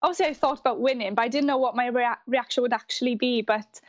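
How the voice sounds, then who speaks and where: A woman's voice: a little high, fast talker. A woman in her twenties with a strong Welsh accent, chatting as an interview guest and laughing often between sentences. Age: 20s. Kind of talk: casual interview. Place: live online video call.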